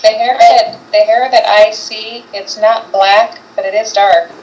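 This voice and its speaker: A woman co-hosting a casual chat, explaining her findings in a measured way. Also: medium pitch, fairly even intonation, a little mellow, slight background noise, poor audio. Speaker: co-host, paranormal investigator.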